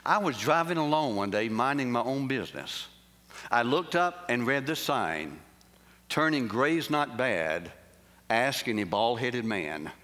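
A man's voice: medium pitch, very animated, moderate pace, a bit bright. A middle-aged male pastor preaching a sermon with folksy stories that rise into emphatic praise. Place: large camp meeting hall. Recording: long hall reverb.

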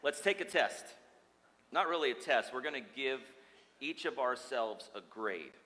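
Male pastor, playful storyteller, forceful voice, preaching from a reverberant church sanctuary. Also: mid-range voice, measured pace. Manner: joking, storytelling, lively preacher. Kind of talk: sermon. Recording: long hall reverb.

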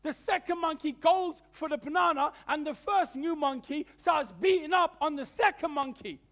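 High-pitched man, church sermon, lively storytelling, repeats his words. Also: moderate pace. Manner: animated storytelling with stammered repeats. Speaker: preacher.

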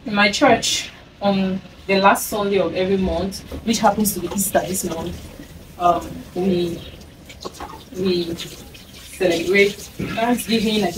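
Bubbly cameroonian lady cooking in her kitchen, chatty, kinda far from the mic, noisy background. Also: mid-range voice. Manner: bubbly and chatty, often bursting into song. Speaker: cooking vlogger. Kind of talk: casual cooking chat. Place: home kitchen. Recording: distant mic with clear background noise.

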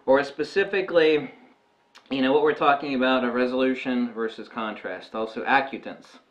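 A male vlogger talks loosely to camera in a mid-pitched voice, wandering through his points with a steady stream of "uh" and "um" and throwing in jokey asides. The tone is offhand and conversational. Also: moderate pace, muffled recording. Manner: rambling, full of "uh" and "um" fillers, jokey asides. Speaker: photography vlogger. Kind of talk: casual rambling talk to camera.

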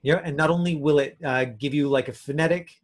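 A man's voice: fairly high pitch, fairly even intonation, fairly quick. A man teaching an acting class over a video call, in a chatty way with lots of fillers. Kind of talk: casual online class talk.

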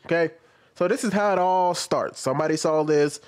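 A man's voice: on the high side, fairly quick, darkish tone. A man giving casual commentary on social media posts, rambling and correcting himself as he goes. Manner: rambling, self-correcting, reads posts aloud.

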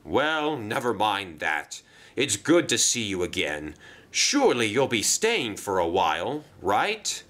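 A man's voice: lowish voice, big pitch swings, takes it slowly, a bit bright, heavily acted. Give me a man playing a pompous big storybook engine. He is indignant and haughty, and his voice rises and falls a lot.

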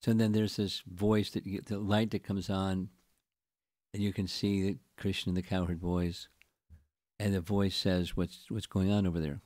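Low-voiced man giving a halting scripture talk. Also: little pitch movement, darkish tone, dry recording, clean studio sound. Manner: halting, with frequent restarts and repeated words. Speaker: spiritual teacher. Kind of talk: scripture lecture.

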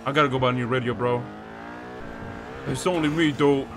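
A man roleplaying a gang member in a crime game, frantic and swearing, repeating himself as he yells for help. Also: medium pitch, steady tone, a little fast, noisy background. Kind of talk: in-character GTA roleplay.

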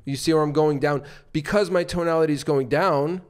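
Smooth-voiced man coaching on sales. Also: a little high, fairly even intonation, a little fast. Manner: explains by acting out short examples; loose, with frequent fillers and restarts. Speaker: podcast co-host and sales coach. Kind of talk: casual instructional talk.

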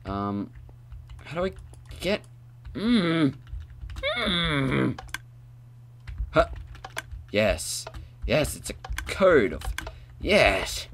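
A man's voice: mid-range voice, very animated, extremely slow, pauses often, fairly bright tone, a little hiss or hum. A man casually commentating while playing a video game on a headset mic, rambling and talking to himself with silly noises. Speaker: gamer playing an adventure map. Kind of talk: casual let's-play commentary.

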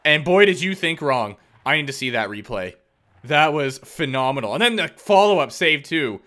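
Male let's-play commentator, bright and sharp tone, jokey play-by-play with sudden outbursts. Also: mid-range voice, big pitch swings, moderate pace. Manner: talks to himself and the game, teasing opponents. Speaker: gaming YouTuber.

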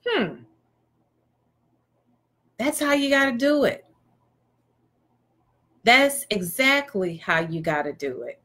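High-voiced, slow, emphatic woman speaker. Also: animated, fairly bright tone. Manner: emphatic, preachy, with rhetorical questions. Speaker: motivational speaker. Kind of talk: motivational talk.

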